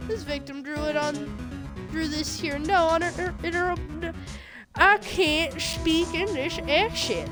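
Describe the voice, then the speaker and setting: A woman voicing a gruff, bumbling male police detective, loud and trying a tough-guy accent, over game music. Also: fairly high pitch, a little slow, natural voice. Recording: video game music behind.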